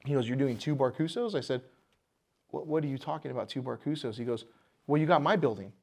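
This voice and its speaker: Man telling a lively business story. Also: mid-range voice, fast, creaky. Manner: animated storyteller acting out quoted voices. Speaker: bar owner, podcast guest. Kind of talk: casual storytelling interview.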